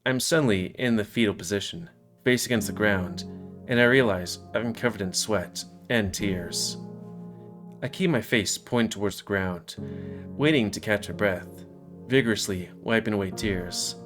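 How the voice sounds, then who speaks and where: Let's player reading a visual novel in the first person; low voice, casual asides, soft music underneath. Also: male voice, normal speed.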